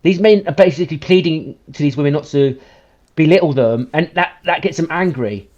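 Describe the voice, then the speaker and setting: A man with a somewhat high voice delivers heated, profanity-laced commentary. He rants and hammers his points home. The recording sounds a little dull and muffled. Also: a little fast, darkish tone. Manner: ranting, profane, emphatic. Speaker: podcast host.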